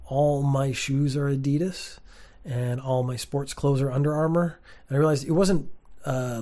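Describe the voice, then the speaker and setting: A man's voice: medium pitch, darkish tone. A man, giving a candid, opinionated casual monologue to camera from a sparse room, with frequent fillers. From Canada. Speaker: teacher and vlogger.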